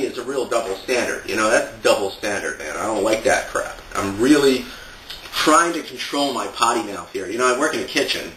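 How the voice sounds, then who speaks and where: A man's voice: mid-range voice, big pitch swings, normal speed, sharp tone, reverberant, recorded from a distance, a little hiss or hum, rough recording. A man ranting sarcastically as a satire blogger, exasperated and laughing at his own points. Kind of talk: ranting monologue to camera.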